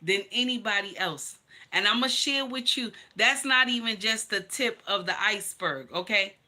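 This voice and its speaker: A woman hosting a livestream talks straight to her viewers about her own life. Her voice is sharp and very bright, at a middle pitch for a woman. She tells it bluntly and with emphasis, with plenty of swearing and a steady "honey" for the listener. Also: moderate pace. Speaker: livestream host. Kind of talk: personal storytelling to viewers.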